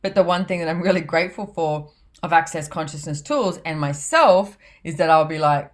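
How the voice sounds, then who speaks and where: A low-pitched woman talks in a loose, chatty way on a podcast. She laughs easily and slips into quoting other people as she tells stories. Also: fairly even intonation, moderate pace. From Australia. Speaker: podcast host and author. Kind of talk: casual podcast chat.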